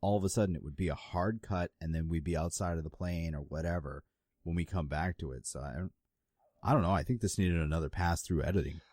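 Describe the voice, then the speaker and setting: A very deep-voiced man talks casually on a podcast, picking things apart with dry, critical humor. His voice is recorded close and dry. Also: fast talker, darkish tone, no room sound. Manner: critical, nitpicking, wry. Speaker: podcast co-host. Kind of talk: casual chat.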